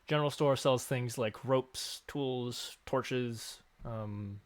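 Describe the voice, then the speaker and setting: A man running a tabletop game as game master, explaining the rules in a relaxed, plain way. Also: medium pitch, slow, dry recording.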